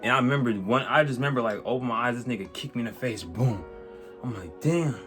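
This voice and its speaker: A man telling a personal story on his vlog in a casual, animated way, swearing and using lots of slang, with many restarts. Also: mid-range voice, fast talker. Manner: animated, profane, slang-heavy, rambling with restarts. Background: faint music.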